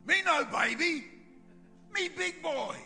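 A man's voice: very high voice, takes it slowly, vocal fry, bright, forceful tone, pitched above the performer's own voice, exaggerated voice. A man voicing a stubborn little boy who talks in babyish broken grammar. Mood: defiant. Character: stubborn little boy toddler, proud, puffed-up. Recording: long hall reverb with music.

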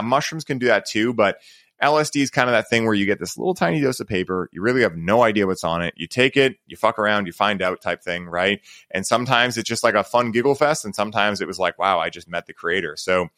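A man's voice: mid-range voice, fairly bright tone, no echo. Guy hosting a podcast, rambly and chill, keeps saying like and right, dry close sound. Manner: rambling, heavy use of "like" and "right?". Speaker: podcast host. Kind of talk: casual podcast conversation.

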